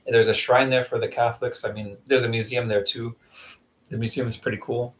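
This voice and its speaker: A man's voice: mid-range voice, flat delivery, fairly quick, a little hiss or hum, poor audio. A man chatting casually on a live vlog stream, rambling through stories and answering viewers by name. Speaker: vlogger doing a live stream. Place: Zamboanga City.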